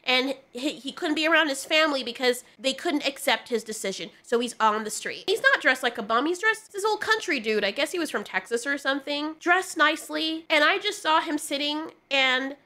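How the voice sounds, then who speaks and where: Young woman, high voice, bright tone, earnest, rambling casual commentary. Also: animated, brisk, hardly any pauses. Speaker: video reviewer.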